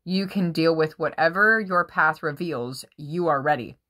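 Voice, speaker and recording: A woman reading tarot cards for her viewers in a casual, excitable way, swearing freely and often breaking into laughter. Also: low voice, unhurried. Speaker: tarot reader.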